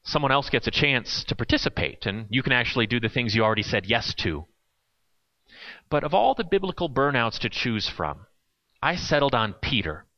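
A man's voice: medium pitch, dull audio. A man preaching a sermon in a conversational way, with playful asides.

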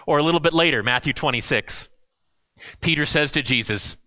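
A man's voice: on the high side, brisk, lo-fi sound. A man preaching a sermon in a conversational way, with playful asides.

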